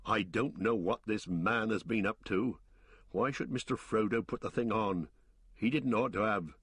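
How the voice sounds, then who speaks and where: A man's voice: on the low side, normal speed, fairly bright tone, breathy edge, no room sound, clean studio sound. A man voicing a loyal, stout-hearted male hobbit servant with blunt, rustic speech. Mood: indignant.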